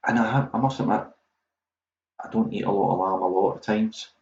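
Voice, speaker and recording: In a brisk voice on the low side, a Scottish quiz host rambles casually through his livestream, drifting onto tangents that poke fun at himself. The audio is echoey and dull lo-fi, with faint noise.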